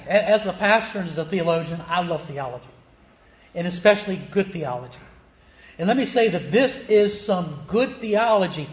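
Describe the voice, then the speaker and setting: A man with a notably high voice delivers a sermon as a pastor. He reads scripture aloud, leans hard on key words and keeps asking his listeners short questions. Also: roomy sound. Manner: emphatic, stretches key words, checks in with rhetorical questions.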